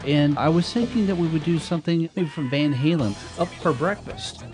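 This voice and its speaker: Casting: slightly higher-voiced man, relaxed beer talk, guitar music behind. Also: moderate pace. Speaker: beer show co-host. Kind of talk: casual beer review.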